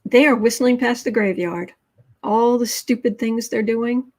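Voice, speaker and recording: A woman's voice: on the high side, measured pace, a little mellow. A woman hosting a daily tarot livestream, reading viewer comments aloud and commenting on the cards in a chatty, sarcastic way. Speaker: tarot reader host.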